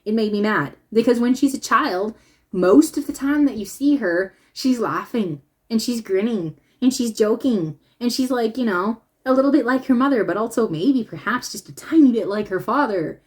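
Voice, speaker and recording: A woman talking casually as she reviews a drama series, animated, with frequent laughter and trailing restarts. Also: a little high, normal speed. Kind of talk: casual opinion vlog.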